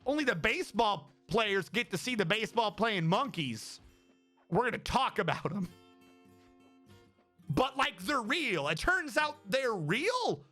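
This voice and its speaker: A man livestreaming in casual chat, rambling excitably and swearing freely as he talks. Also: high voice, a little slow, soft background music.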